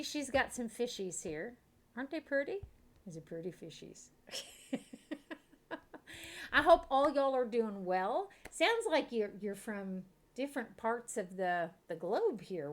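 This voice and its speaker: A woman's voice: fairly high pitch, sing-song, measured pace. A woman from Kentucky, chatting casually and giggling as she streams a life-sim game. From Kentucky, USA. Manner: chatty, giggly, talks to her chat.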